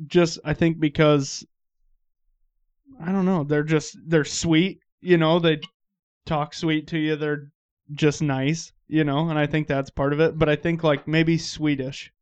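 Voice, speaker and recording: A man's voice: fairly high pitch, flat delivery, measured pace, clear, resonant tone. A man talking in a laid-back, agreeable way in a casual chat, hedging as he goes. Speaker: podcast co-host. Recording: dull lo-fi recording.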